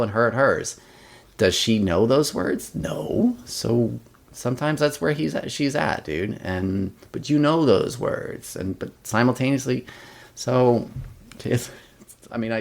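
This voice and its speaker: A man's voice: medium pitch, gravelly. A young adult man, a podcast guest, chatting casually, rambling with many fillers and restarts and acting out quotes from his family. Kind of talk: casual interview chat.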